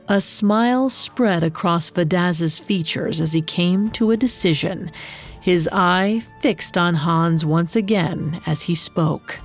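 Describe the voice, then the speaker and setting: Woman narrator, storybook reading, slow, somewhat low voice. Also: faint music behind. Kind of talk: scripted narration.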